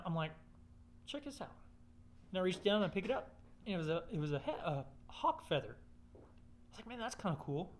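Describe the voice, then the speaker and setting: A man's voice: a little high, a little hiss or hum. A man telling a rambling personal story in casual, profane, blunt speech.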